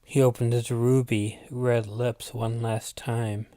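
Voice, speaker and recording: A man telling a spooky story at a slow, unhurried pace, each line laid out with care. His voice sits in a middling register and sounds close and dry, with no room around it. He breaks off now and then for an aside to his listeners. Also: mid-range voice, flat delivery, warm tone, no room sound. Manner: unhurried, deliberate reading with asides. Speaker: channel host reading his own story. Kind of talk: storytelling narration.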